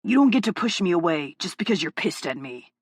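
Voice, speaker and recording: A woman voicing a gruff, hot-tempered male FBI agent in an audiobook, curt and swearing. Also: lowish voice, very animated, a little fast, dry recording, studio quality. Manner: curt, swearing, mutters darkly. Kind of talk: audiobook character voice.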